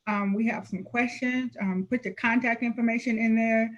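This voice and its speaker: A woman's voice: fairly high pitch, steady tone, moderate pace, muffled recording. A woman hosting an online panel on a video call, affirming her guests and moving the session along. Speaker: host.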